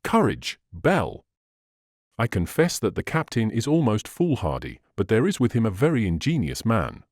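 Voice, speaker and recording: A man reading aloud and voicing a stubborn, devout older sailor with a quiet, trusting manner. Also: fairly low pitch, sing-song, normal speed, no echo, studio quality. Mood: steadfast. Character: stoic, devout old male sailor.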